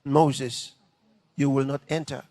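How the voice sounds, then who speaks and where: A man preaching and voicing God as a stern, solemn figure, speaking slowly and gravely. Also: little pitch movement. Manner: slow, grave, low and quiet.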